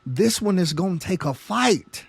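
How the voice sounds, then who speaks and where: Slow high-voiced preaching pastor. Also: male voice, expressive, vocal fry, husky, dry recording. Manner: emphatic, stammering repetitions, rising passion. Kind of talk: Bible study sermon.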